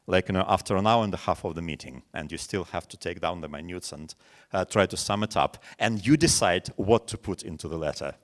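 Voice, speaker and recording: This teacher trainer, a native Russian speaker in his forties with a Russian accent, delivers a webinar lecture to teachers in a low voice at a fairly quick pace. His style is storytelling rich in examples, with lively quoting.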